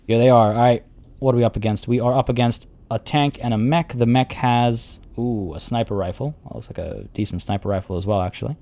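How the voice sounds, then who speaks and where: A man's voice: mid-range voice, brisk, creaky, warm tone. A man giving live commentary on a strategy game, thinking aloud and chatting with his viewers while losing his voice. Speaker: game streamer.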